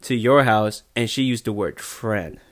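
A man's voice: fairly low pitch, a little slow, no echo, studio quality. Rambling young man spinning a scenario. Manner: rambling, storytelling with many restarts. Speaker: podcast co-host. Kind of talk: casual chat.

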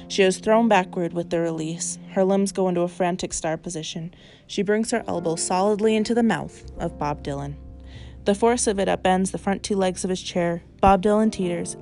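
A woman podcast host reading a literary short story aloud in a measured, even way, recorded in her car. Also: lowish voice, vocal fry.

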